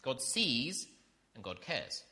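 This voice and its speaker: A man's voice: medium pitch, very animated, slow, sharp tone. A man preaching an earnest sermon, reading scripture and building to emphatic repetition.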